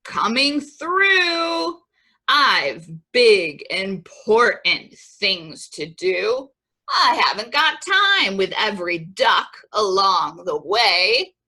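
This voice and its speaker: A big, pompous dump truck with no time for anyone, barking bossily, as a woman puts him on for a storybook. The voice is bright and forceful, spoken slowly and deliberately. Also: mid-range voice, very animated, heavily acted. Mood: bossy. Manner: bossy, self-important. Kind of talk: children's picture-book reading.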